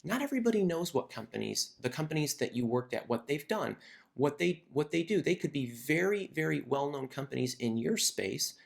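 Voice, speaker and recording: A man with a slightly high, very animated voice talks briskly with some vocal fry. He's a career coach hosting an advice video, teaching to camera in a conversational style and often repeating words while he thinks.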